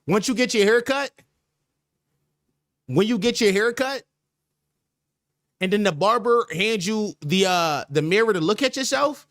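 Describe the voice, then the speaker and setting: A man's voice: high voice, lively intonation, a little slow, long pauses, fairly bright tone, dry recording, studio quality. A man hosting a podcast stream in casual chat, riffing with slang in a repetitive, joking, mock-sincere way. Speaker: podcast host.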